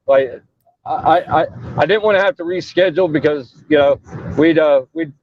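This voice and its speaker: A man's voice: on the high side, moderate pace, narrow, tinny audio. A man, a wrestling referee, talking casually in an interview over a breaking-up mobile call, rambling with lots of fillers and restarts. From Texas. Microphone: phone while traveling.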